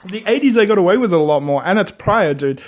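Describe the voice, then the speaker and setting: A man hosting a casual movie review panel, retelling scenes with lively acted-out quotes. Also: high-pitched, quick pace. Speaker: panel host.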